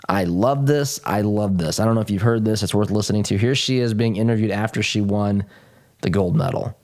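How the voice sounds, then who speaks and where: A man's voice: fairly low pitch, brisk, a little mellow. A man hosting a political talk show, speaking emphatically and often repeating phrases, with folksy asides to his listeners. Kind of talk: political commentary monologue.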